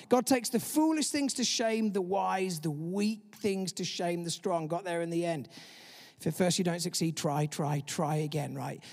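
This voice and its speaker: A male pastor giving an animated sermon, acting out the inner voices he talks about. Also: high voice, long reverb tail.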